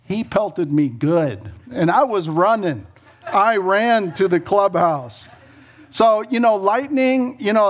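A middle-aged man preaching a sermon, telling stories with laughs and quick asides before turning to scripture. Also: high-pitched. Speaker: pastor.

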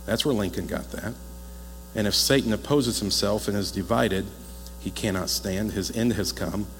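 A man preaching a sermon as a pastor, talking in a lively, conversational way and joking with the congregation. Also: lowish voice, moderate pace. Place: church hall. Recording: echoey hall with faint mains hum.

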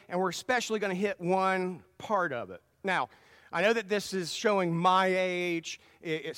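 A man's voice: high voice, fairly bright tone, dry recording, clean studio sound, long reverb tail. A man preaching a sermon in a folksy, conversational way, telling stories with frequent restarts. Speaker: pastor.

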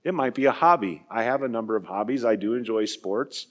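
A man preaching a sermon, earnest, asking his listeners questions and building to emphatic peaks before dropping quiet. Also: mid-range voice, a little fast. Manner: asks the listeners direct questions. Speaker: pastor.

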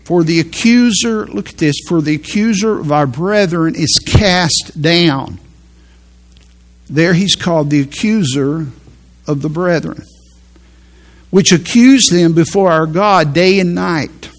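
A man preaching a sermon in an earnest way, slowing down to stress each verse of scripture. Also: fairly high pitch. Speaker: pastor.

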